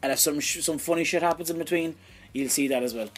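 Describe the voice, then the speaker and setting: A young Irish man commentating his own video game play, excitable and swearing freely, shouting at big moments. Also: fairly high pitch, quick pace, breathy edge. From Ireland. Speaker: gaming YouTuber.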